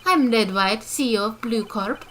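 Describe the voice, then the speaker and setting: A woman's voice: fairly high pitch, moderate pace, a bit bright, a little hiss or hum, lightly acted. A woman voicing a pompous, arrogant male corporate chief who talks in grandiose big words, reading game dialogue aloud. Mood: haughty. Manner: grandiose, big-word affected speech.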